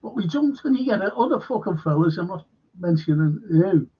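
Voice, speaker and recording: Male stream host, husky and raised in pitch, profane, rambling, reading out comments, dull audio. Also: lively intonation, normal speed. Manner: profane, rambling, reads viewer comments aloud. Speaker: livestream host. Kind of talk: casual fan livestream chat.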